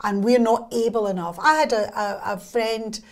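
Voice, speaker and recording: A Scottish woman with a voice pitched a little higher than most, who tells stories with animation and dry wit. She talks to an interviewer as a guest, loose and chatty, with lots of asides. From Scotland. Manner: lively anecdotal storyteller, quick wry humour. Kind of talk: casual interview chat.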